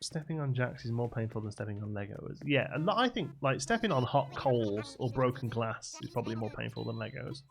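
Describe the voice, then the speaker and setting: A man's voice: mid-range voice, expressive, a little fast, vocal fry, few pauses. A young man streaming a game live, rambling casually as he answers chat messages aloud. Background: faint game music.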